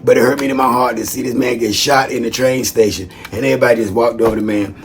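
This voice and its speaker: A man talks in a loose, folksy way, drifting from thanks into stories and back again. His voice sits at an ordinary middle pitch. A faint hiss of background noise runs under him. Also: steady tone, quick pace. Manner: chatty, folksy, digressive, calls listeners "man". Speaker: vlogger giving shout-outs; former social worker. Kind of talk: casual rambling monologue.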